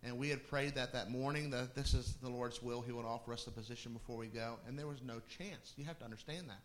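A man's voice: medium pitch, fairly even intonation, fast talker, a bit bright, slight background noise. A middle-aged male pastor telling a personal story in a sermon, conversational, with laughing asides and restarts.

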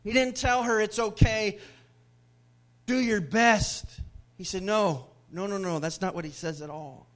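Man, pastor, high-pitched, dynamic sermon, loud to hushed. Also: fairly even intonation, a little slow. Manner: dynamic preaching, swings from loud to hushed whispers. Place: church.

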